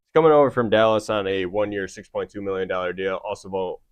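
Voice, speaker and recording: Brief: man, fairly low voice, dry close sound, casual football podcast host running through signings. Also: fast talker, smooth, dry recording. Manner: reads off stats with laughs. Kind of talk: casual sports chat.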